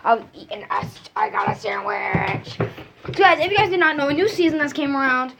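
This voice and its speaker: High-voiced woman rambling about a game. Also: sing-song, normal speed, gravelly, music in the background. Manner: rambling with restarts. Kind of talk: casual gaming chat.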